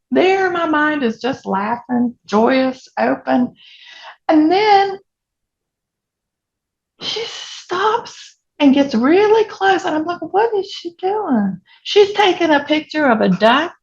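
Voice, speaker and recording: Gravelly Southern woman pastor telling stories. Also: high-pitched, highs cut off. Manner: storytelling, animated, laughing asides. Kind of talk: sermon.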